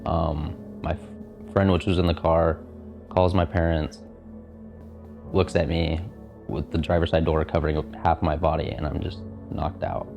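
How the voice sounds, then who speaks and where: A man of twenty telling his story in a documentary interview, halting and full of filler words. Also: very deep voice, little pitch movement, vocal fry. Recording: dull lo-fi sound with music.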